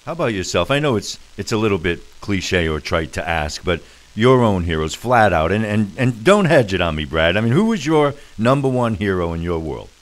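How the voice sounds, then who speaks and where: A man's voice: lowish voice, big pitch swings, normal speed. A man hosting a radio interview, chatty and pressing with his questions. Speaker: radio host.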